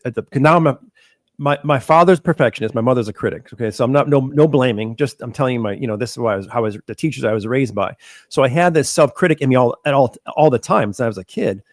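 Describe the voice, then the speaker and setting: A middle-aged man speaks earnestly in a candid conversation, stumbling over and repeating words as he restarts his sentences. His voice sits at an ordinary pitch, and the recording is dry with no room echo. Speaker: podcast host.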